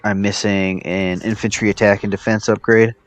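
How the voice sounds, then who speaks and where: A man's voice: lowish voice, level tone, moderate pace. A man casually commentating a strategy game he is playing, thinking aloud with plenty of fillers. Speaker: player commentating his own match.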